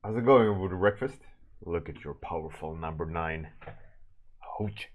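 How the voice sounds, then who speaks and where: A man's voice: sits low, a little slow, narrow, tinny audio. A man casually chatting with his livestream viewers while drawing, greeting them by name and trailing off mid-sentence. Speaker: streaming artist.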